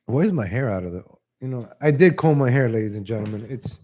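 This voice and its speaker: A man hosting a livestream, giving casual opinion commentary in a rambling way. He chuckles often and calls his viewers ladies and gentlemen. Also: medium pitch, expressive, fast. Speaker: livestream host.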